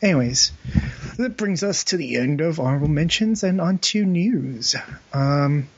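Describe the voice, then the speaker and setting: A young man chats casually on a gaming podcast, his voice sitting a little high for a man. He rambles, stacking fillers and breaking into laughs. The sound is dry and lo-fi, with a muffled top end. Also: lively intonation, unhurried, husky, no echo. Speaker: podcast co-host. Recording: dull, dry lo-fi podcast audio.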